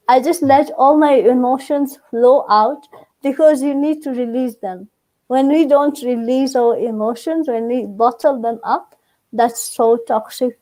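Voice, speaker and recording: Woman, high voice, mellow tone, emotional storyteller, live panel guest. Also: low-quality recording. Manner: emotional, animated storytelling with quoted dialogue. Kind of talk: live online panel talk.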